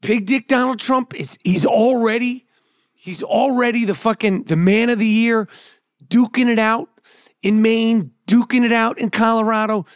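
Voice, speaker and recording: A man's voice: extremely high pitch, fairly even intonation, moderate pace, no room sound, clean studio sound. A middle-aged man, hosting a podcast, telling stories in a brash, profane way. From New York. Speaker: podcast host and comedian. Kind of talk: casual podcast chat.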